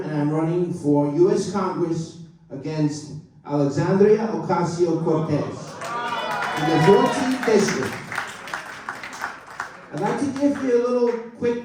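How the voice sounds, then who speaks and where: A man's voice: high voice, normal speed, dark tone, a little hiss or hum. A man running for Congress who gives a formal campaign speech to a crowd, with some fillers. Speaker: congressional candidate. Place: club meeting room. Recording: echoey room, mic far off.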